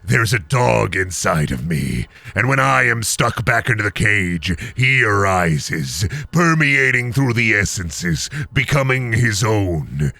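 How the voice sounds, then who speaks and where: A man voicing a brooding male mutant cow monster in a game stream, speaking slowly and solemnly in a deeper voice. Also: very animated, creaky, sharp tone, dry recording, full character voice. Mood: ominous. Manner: slow, ominous, solemn.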